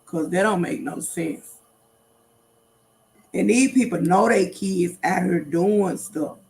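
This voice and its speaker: A woman's voice: on the low side, takes it slowly, creaky, a little mellow. A middle-aged woman hosting a casual livestream, talking straight to her viewers in a repetitive, emphatic way. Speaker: livestream host.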